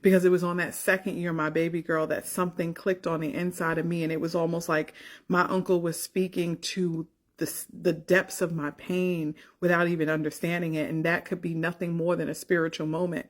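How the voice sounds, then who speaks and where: A woman's voice: on the low side, little pitch movement, brisk. Earnest woman sharing a faith testimony. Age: 40s. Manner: earnest, emotional, addresses listener directly. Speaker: faith and life coach.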